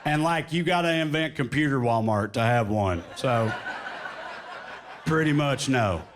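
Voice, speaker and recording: A man with a Tennessee drawl performing stand-up comedy in a club, animated and quick to slip into silly voices. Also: mid-range voice, a little hiss or hum. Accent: Southern US, Tennessee drawl. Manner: animated, swings into put-on voices and quips. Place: comedy club stage with audience.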